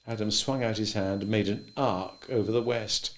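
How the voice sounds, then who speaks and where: A man reading a classic novel aloud in a plain, even, unhurried way. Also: on the low side. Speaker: reader. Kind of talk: audiobook narration.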